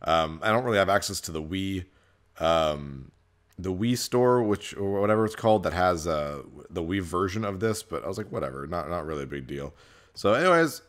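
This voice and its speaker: Rambling young man, bright lively voice. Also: low voice, moderate pace. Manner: rambling, casual, lots of fillers. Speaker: let's play gamer. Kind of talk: casual gameplay commentary.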